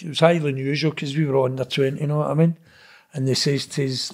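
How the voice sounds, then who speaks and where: With a level tone at medium pitch, a middle-aged Glaswegian speaks fairly quickly as an interview guest. The Scottish man's casual storytelling is blunt and rambling, peppered with swearing and "know what I mean".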